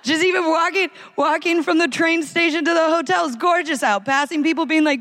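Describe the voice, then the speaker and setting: An American woman performing a live stand-up routine in a large concert hall, wry and animated. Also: a little fast, hardly any pauses. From United States. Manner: wry, animated, acts out characters in high voices. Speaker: stand-up comedian.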